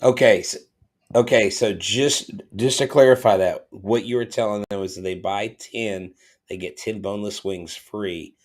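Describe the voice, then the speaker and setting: A man co-hosting a baseball podcast, reading a sponsor ad and then chatting casually about the game. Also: low voice. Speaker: podcast co-host. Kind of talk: sports podcast talk and ad reads.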